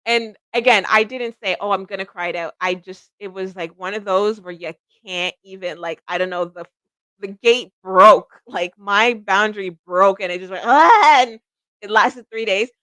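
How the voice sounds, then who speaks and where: A woman's voice: medium pitch, normal speed, pushed and bright, no echo. A middle-aged woman hosting a psychic livestream, chatting casually and rambling, laughing at herself often.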